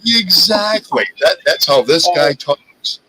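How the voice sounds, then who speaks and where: A man hosting a casual live stream, talking in an animated, profane rant. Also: on the high side, slow, a crowd in the background, rough recording. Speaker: livestream host.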